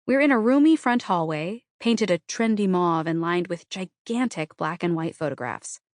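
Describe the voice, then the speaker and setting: A woman's voice: lowish voice, moderate pace, no echo, studio quality. Wry woman narrating an audiobook. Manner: wry, conversational, self-deprecating. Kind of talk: first-person scripted narration of a novel.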